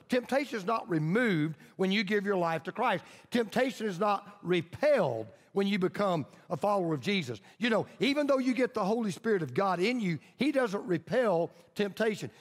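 A man pastor preaching a sermon emphatically, repeating lines for stress and leading his congregation in call-and-response. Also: sits high. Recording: long reverb of a large hall.

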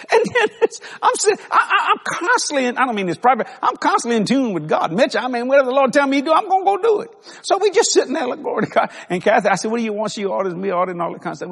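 A man's voice: very high-pitched, vocal fry, slightly rough. A man preaching a sermon as pastor in a church, telling folksy stories with lots of laughter. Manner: folksy storytelling, animated, laughs often. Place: church sanctuary. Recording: long hall reverb.

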